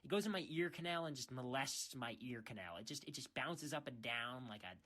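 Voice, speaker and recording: A man's voice: mid-range voice, lively intonation, a little fast, pushed and bright. A young man who streams, ranting casually in a rambling way. He restarts his sentences often and keeps saying "freaking". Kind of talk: casual rant.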